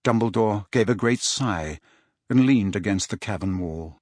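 A male audiobook narrator, his voice on the low side, reads a script in a steady and measured storytelling manner. The sound is studio quality with no echo.

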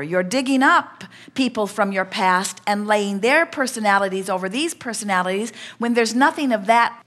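A woman speaking as a collective "we" at a spiritual seminar, coaching a participant in a measured, reassuring way. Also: medium pitch, fairly bright tone.

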